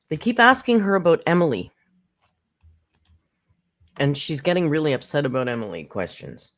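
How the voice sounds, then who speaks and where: A woman's voice: low-pitched, sing-song, moderate pace, long pauses. A woman hosting a casual live reaction stream, snarky and profane, rambling with fillers, close to her mic. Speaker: commentary channel host. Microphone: close desk mic.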